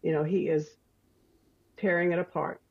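An older woman, a retired school librarian, speaking in a measured, earnest way as a guest. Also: lowish voice, little pitch movement, gravelly, breathy edge, no echo, phone-quality sound. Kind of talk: podcast interview.

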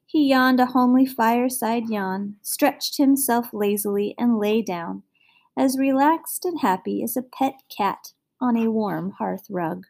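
A woman reading a fairy tale aloud as narrator, in an expressive storybook manner. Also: fairly high pitch, unhurried, vocal fry.

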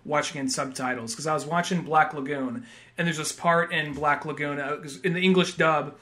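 Man, high pitch, bright tone, casual podcast chat, storytelling. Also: fairly even intonation, moderate pace. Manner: storytelling, acts out scene quotes. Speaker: podcast co-host.

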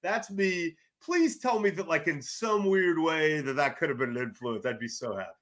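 Middle-aged guy, bright forceful voice, kinda loud and animated, keeps restarting sentences, sports writer guest chatting. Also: a little high, brisk. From California. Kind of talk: casual podcast chat.

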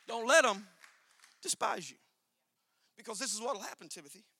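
A man preaching a sermon, swinging between loud, sing-song shouting and quiet asides while questioning the congregation directly. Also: extremely high pitch, expressive, moderate pace, slightly rough, a faint crowd. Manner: addresses the congregation directly with call-and-response questions.

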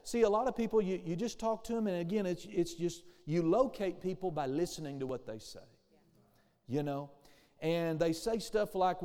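A man's voice: high voice, moderate pace, warm tone, long reverb tail. A man pastor preaching a sermon, calling for amens and acting out the voices he quotes.

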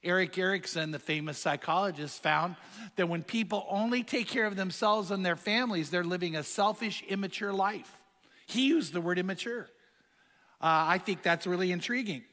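A man's voice: high voice, normal speed, pushed and bright, big-room sound. A man preaching a sermon, telling stories and asking the crowd rhetorical questions. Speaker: pastor.

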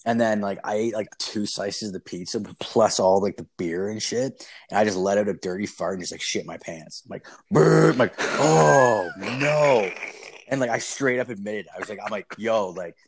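A man's voice: fairly low pitch, brisk, slightly rough. A young man telling a rambling, profanity-filled story in casual chat, full of "like" fillers.

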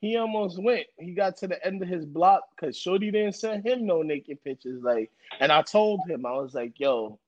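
Casting: male podcast host, blunt and joking, slightly high voice, dull lo-fi recording. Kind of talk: casual chat. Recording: dull lo-fi sound.

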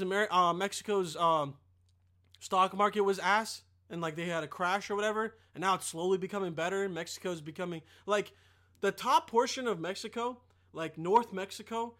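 High, bright-voiced young man ranting. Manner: profane, rambling, easily sidetracked. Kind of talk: casual ranting monologue.

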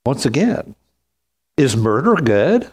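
A man preaching a sermon as pastor, slow and emphatic, with wide swings in pitch. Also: sing-song, husky.

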